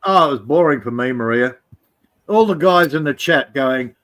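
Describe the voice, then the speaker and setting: Sarcastic guy teasing the host on a live stream, bouncy pitch all over the place. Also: expressive, normal speed, a bit bright. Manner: sarcastic, teasing, mimics others mockingly. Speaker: regular live-stream guest. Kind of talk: casual live-stream chat.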